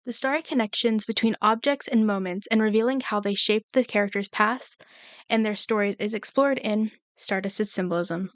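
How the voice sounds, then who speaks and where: A woman's voice: mid-range voice, normal speed, dry recording. Laid-back woman podcast co-host. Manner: relaxed, conversational, chimes in with short agreements. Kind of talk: casual podcast chat.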